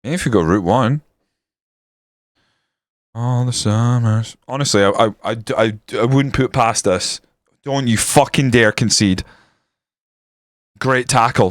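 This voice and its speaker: A young man streaming a football management game, swearing constantly and yelling at the match from a room at home. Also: medium pitch, slow pace, long pauses, no room sound, clean studio sound. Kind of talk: live game-stream commentary. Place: room at home with window open.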